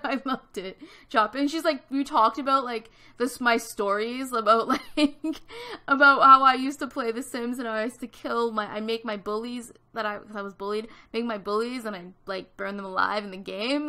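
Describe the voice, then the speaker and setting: A chatty young woman in her twenties tells a rambling personal story while she builds in a game. Her voice sits a little high and sounds bright and forward. She leans on "like" constantly and slips into quoted voices as she talks. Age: 20s. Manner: chatty, animated, lots of "like", acts out quoted voices. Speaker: YouTube Sims builder. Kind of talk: casual storytelling over a speed build.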